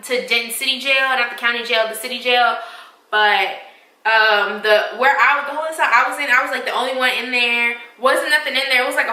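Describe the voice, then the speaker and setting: Young woman, bright sharp voice, echoey room, a bit off-mic, animated profane storytelling. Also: high voice, distant mic. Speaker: vlogger. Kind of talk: storytime vlog.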